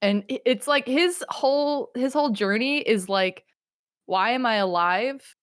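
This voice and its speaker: A woman's voice: fairly high pitch, measured pace, clear, resonant tone, dry recording, clean studio sound. A woman co-hosting a casual show, retelling events with acted-out quotes and frequent swearing. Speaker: podcast co-host. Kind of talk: casual chat.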